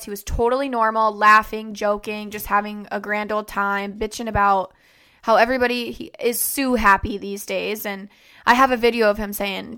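A woman's voice: a little high, bright, forceful tone, clean tone. A young woman hosting a podcast, telling a personal story in a conversational way, with frequent fillers and "like". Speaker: podcast host.

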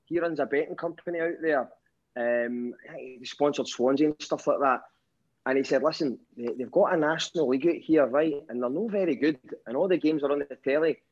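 A Glaswegian man from Scotland calls in to tell a casual story, poking wry fun at himself and swearing a fair bit. His voice is a little high, a little fast and slightly mellow. The call line sounds dull and lo-fi.

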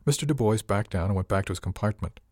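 A scrappy, plain-spoken female crewhand who shrugs off threats and talks back bluntly, as a male reader voices her. The voice stays fairly low and dry. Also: expressive, fast talker, a little mellow, no room sound. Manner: blunt, casual, defiant. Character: tough, blunt female crew member, unafraid to fight.

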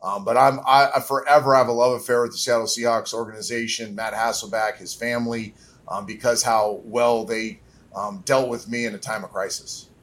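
A man's voice: mid-range voice, fairly even intonation, moderate pace, a bit bright. Earnest middle-aged man, reflective. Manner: earnest, reflective, with frequent fillers. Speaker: guest, former pro quarterback. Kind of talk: candid interview answers.

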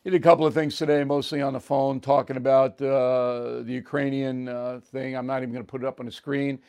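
A man's voice: mid-range voice, level tone, fairly quick, darkish tone, clear, resonant tone. A man hosting his own show, delivering a blunt, emphatic opinion commentary monologue that is punctuated with "okay?" and "all right?".

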